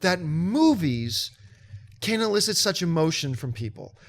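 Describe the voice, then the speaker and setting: Male host, high voice, lively storyteller, casual chat. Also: normal speed. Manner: animated storytelling, mimics others in high excited voice. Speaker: show host.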